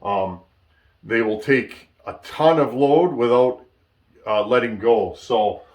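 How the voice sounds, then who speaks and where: A man at middle pitch explaining a build in a casual workshop tutorial. He thinks aloud, stumbles and restarts, and keeps asking "okay?" as he goes. He is picked up by a camera mic in the shop. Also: slow pace. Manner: thinks aloud, restarts often, many "okay?" check-ins. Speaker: chainsaw builder and channel host.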